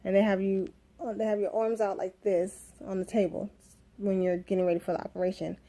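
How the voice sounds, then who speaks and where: A woman's voice: mid-range voice, little pitch movement, fairly quick, mellow. A woman in her thirties telling her own birth story in a candid, emotional vlog, rambling with restarts. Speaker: vlogger.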